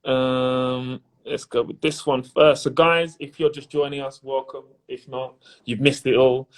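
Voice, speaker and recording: A man hosting a pitch competition final over a video call, chatty and upbeat, often repeating his words. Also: little pitch movement, unhurried. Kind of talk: casual live-stream chat.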